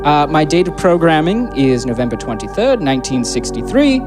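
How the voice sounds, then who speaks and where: A stiff, formal AI hologram speaks in measured announcer tones, as a man puts it on during a tabletop game. Music plays steadily behind him. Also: a little high, big pitch swings. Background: background music.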